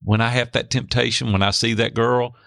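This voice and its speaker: A middle-aged man telling a candid, animated personal story as a guest in a faith-based talk. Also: mid-range voice, fairly quick, creaky, no room sound, studio quality. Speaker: podcast guest.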